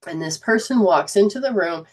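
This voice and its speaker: A woman at a middle pitch, earnest and searching as she tells a story and keeps restarting her sentences. She hosts a casual talk about emotional healing. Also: expressive, normal speed. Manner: earnest storytelling, quotes others, frequent restarts. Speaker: host, energy healer.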